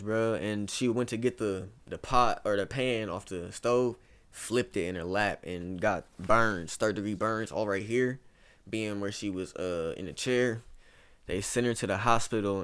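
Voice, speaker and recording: A young Ohio man in his twenties, guesting on a casual interview, speaks on the low side with a fairly bright, clean tone. His stories ramble, and "bro" shows up constantly.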